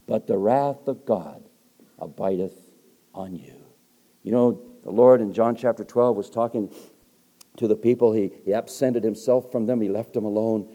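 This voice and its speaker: Low, mellow older male preacher. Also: normal speed, lo-fi sound. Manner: emphatic, swings between loud emphasis and soft hushed storytelling. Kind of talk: evangelistic sermon.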